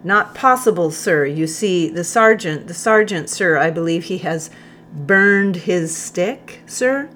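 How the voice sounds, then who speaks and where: A woman's voice: fairly low pitch, lively intonation, slow pace, a bit bright, a little hiss or hum. A woman voicing a flustered, nervous male corporal who stammers and hesitates.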